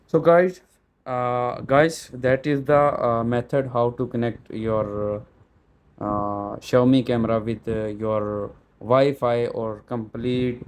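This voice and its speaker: A man's voice: medium pitch, steady tone, takes it slowly, a little mellow, slight background noise. A man walking viewers through setting up a camera step by step, hesitant with many fillers and restarts. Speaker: tech tutorial presenter. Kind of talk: step-by-step setup walkthrough. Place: small store.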